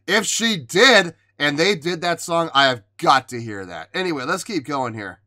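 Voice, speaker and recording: Bright-voiced man reacting with emotion. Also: a little high, lively intonation, unhurried. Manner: exclaiming, emotional, thinks aloud with restarts and sighs. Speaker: music reaction host. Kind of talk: casual reaction commentary.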